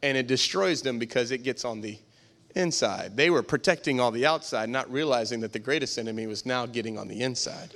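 A man's voice: mid-range voice, fairly quick, a bit bright. A man preaching a sermon as pastor, emphatic and repetitive, with frequent rhetorical questions to the congregation.

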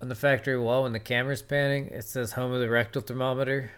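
Male podcast co-host, mid-pitched, laid-back and matter-of-fact. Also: level tone, fast, fairly bright tone, smooth. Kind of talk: casual chat.

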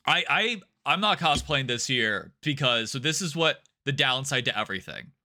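A man's voice: medium pitch, animated, moderate pace, pushed and bright. A man co-hosting a podcast in casual chat, explaining plans at length with plenty of fillers. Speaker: podcast co-host.

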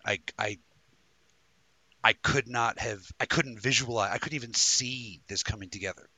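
A man's voice: medium pitch, normal speed, pushed and bright, dry recording. A man hosting a live talk show in a rambling, jokey way, full of stumbling restarts. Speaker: host. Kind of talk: casual live-show chat.

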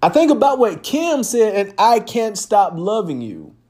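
A man's voice: high-pitched, unhurried. A man hosting a podcast, talking in a casual, profane and emphatic monologue. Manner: animated, profane, emphatic storytelling. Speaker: podcast host.

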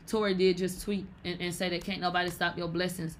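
A woman's voice: fairly low pitch, level tone, a little fast, slight background noise. A woman hosting a casual livestream podcast, talking brashly and profanely in slangy commentary with laughing asides. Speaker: podcast host.

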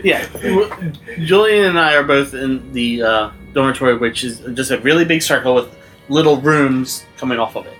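Brief: casual male tabletop player, mid-pitched voice. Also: normal speed, fairly bright tone, faint music behind. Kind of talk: tabletop role-play chat.

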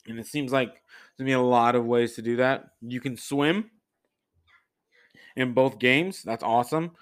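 A male podcast host rambles casually through a solo episode, full of fillers and false starts. He speaks at a moderate pace in a smooth, mid-range voice.

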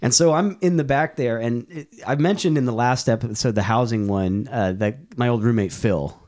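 A man's voice: mid-range voice, normal speed, a little mellow. A young man hosting a podcast, telling a long profane anecdote in casual chat with quoted voices. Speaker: podcast host.

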